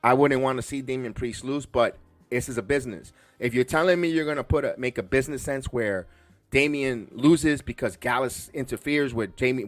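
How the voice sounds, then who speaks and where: A man from the Bronx hosting a podcast, reviewing a wrestling show in a rambling, excitable way full of restarts. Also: medium pitch, dry recording. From the Bronx, New York. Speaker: podcast host.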